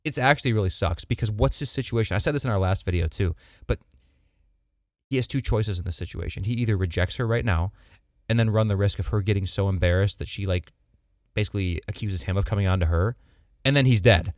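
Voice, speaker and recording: A young man co-hosts a podcast in a lowish voice, talking quickly and joking around in casual chat stuffed with slang and filler words. The sound is clean studio audio, with no echo.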